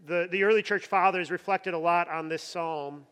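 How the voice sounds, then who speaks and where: A man's voice: sits high, steady tone, moderate pace, hardly any pauses, a bit bright, clean tone. A man preaching a sermon with emphasis, often repeating words as he builds up. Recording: long hall reverb.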